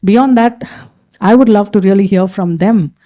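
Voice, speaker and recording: A middle-aged woman speaks to a group of women in a loose, chatty way. She keeps checking in with "right?" and "you know what". Her voice is warm and mellow and sits at a middle pitch. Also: normal speed, highs cut off. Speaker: pastor's wife hosting a women's gathering. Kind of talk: casual talk to a group.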